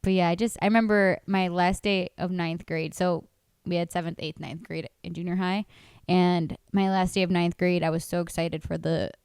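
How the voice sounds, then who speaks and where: A woman's voice: fairly low pitch, fairly even intonation, moderate pace, a little mellow, clear, resonant tone, no echo, clean studio sound. A young American woman co-hosting a podcast, telling stories in casual chat with lots of fillers and some swearing. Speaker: podcast co-host.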